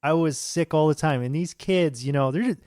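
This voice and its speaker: A man's voice: a little high, moderate pace, darkish tone, dry recording, studio quality. A man, co-hosting a podcast and telling rambling, profanity-laced stories in casual chat. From United States. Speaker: podcast co-host.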